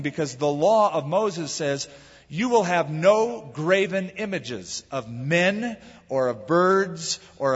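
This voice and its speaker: Preacher, male, breathy and a bit high, dramatic delivery; long hall reverb, muffled lo-fi sound. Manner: dramatic, acts out crowd voices. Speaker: pastor. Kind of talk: sermon.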